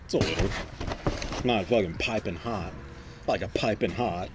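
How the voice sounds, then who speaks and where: Lower-voiced guy, dry and profane. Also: moderate pace, noisy background. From Birmingham, Alabama. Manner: crude, profane, dry joking. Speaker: podcast co-host. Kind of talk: casual chat.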